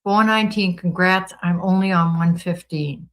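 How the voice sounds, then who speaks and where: A woman's voice: fairly low pitch, steady tone, normal speed, rough recording. A woman with a Boston accent hosting a livestream, reading viewer comments aloud and answering them in an upbeat, gushing way. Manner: reads viewer comments aloud and responds chattily. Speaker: livestream host reading chat. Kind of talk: casual chat.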